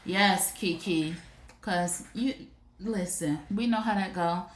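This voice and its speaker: A woman's voice: on the low side, slow, slight background noise. Chatty woman stream host, roomy sound. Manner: chatty, animated, addresses viewers directly. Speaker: live shopping stream host. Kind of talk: casual live stream product chat. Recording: roomy echo.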